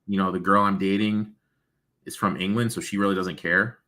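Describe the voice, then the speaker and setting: A man's voice: low-pitched, flat delivery, brisk, bright, forceful tone. Chatty American man talking betting picks. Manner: loose, chatty, rattles off stats. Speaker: sports betting show host. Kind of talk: casual sports betting talk.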